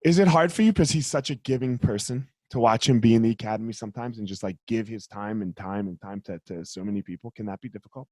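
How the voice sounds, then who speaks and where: A man hosting a casual interview show, rambling through questions, swearing casually, and growing animated when telling stories. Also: lowish voice, quick pace, few pauses. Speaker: podcast host.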